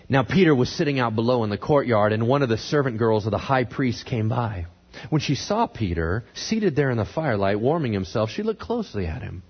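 A man preaches through a scripture passage and plays the characters with big swings of pitch and volume. His voice is husky and animated. The recording sounds dull and muffled. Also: normal speed. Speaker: pastor. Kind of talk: sermon reading and commenting on scripture.

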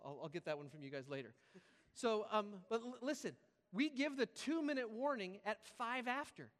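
High-voiced pastor in a reverberant hall. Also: male voice, lively intonation, moderate pace. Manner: comic, acts out voices, laughing asides. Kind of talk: humorous sermon. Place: large church hall.

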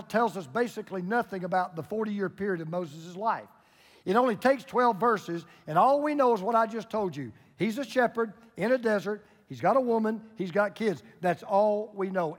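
An older male pastor in his sixties delivers a sermon in a folksy, storytelling way and jokes with his congregation. His voice sits high for a man. It rings out with the long reverb of a church sanctuary.

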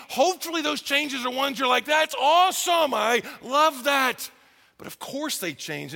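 A middle-aged man preaching a sermon as pastor, animated and acting out quoted voices. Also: high-pitched, creaky, big-room sound.

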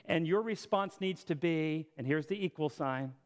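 A man preaching a sermon as pastor, rising to impassioned appeals and dropping to a hushed prayer, recorded in a church auditorium. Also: a little high, moderate pace, few pauses. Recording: long hall reverb.

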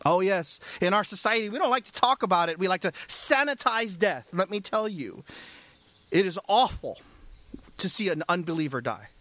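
A man preaching a sermon, emphatic, moving between hushed and fervent delivery. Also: high-pitched, expressive, moderate pace, no echo.

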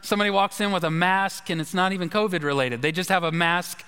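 A pastor with a notably high voice delivers his sermon in a relaxed, chatty manner, spinning stories and tossing in asides. His words ring out with a long reverb, as if in a large church sanctuary. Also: fast, clear, resonant tone. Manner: conversational, storytelling with asides.

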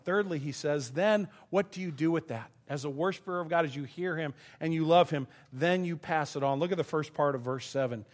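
A man with a slightly high voice delivers a sermon from the pulpit. He speaks with earnest feeling and laughs easily. When moved, his voice grows thin and quiet. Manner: earnest, emotional, given to laughing and choking up. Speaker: pastor.

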